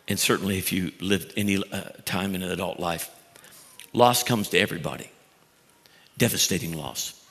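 A man preaching a sermon as pastor, animated and repeating words for emphasis. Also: fairly low pitch. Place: church sanctuary. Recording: long hall reverb.

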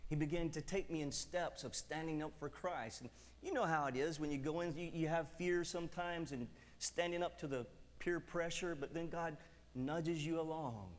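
Man preacher with a high voice, sermon and testimony, reverberant church hall. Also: moderate pace. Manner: animated storytelling, acting out voices.

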